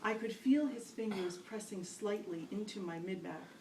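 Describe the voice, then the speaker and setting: A woman reading her own story aloud at a poetry event, wry and self-mocking, with lively asides. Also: mid-range voice, normal speed, background noise. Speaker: poet reading her work. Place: gallery reading room. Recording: roomy, distant live-event recording.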